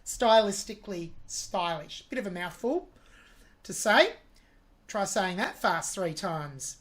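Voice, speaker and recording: A woman's voice: medium pitch, sing-song, slow pace, fairly bright tone. A woman hosting a music reaction video, analysing a singer's vocal technique with admiring commentary.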